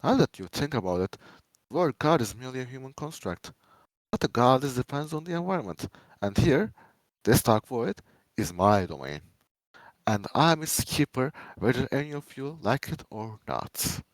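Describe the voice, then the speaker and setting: A man giving a dramatic reading of fan fiction, a first-person monologue, swinging between menacing loud lines and hushed pleading ones. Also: medium pitch, big pitch swings, moderate pace, no echo, poor audio.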